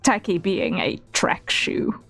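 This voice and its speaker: A woman's voice: medium pitch, lively intonation, slow pace, vocal fry, a bit bright, husky. A woman with a South African accent blended with British, chatting casually on a livestream while she draws, laughing often and making self-deprecating asides. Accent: South African mixed with British. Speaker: artist streamer. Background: faint background music.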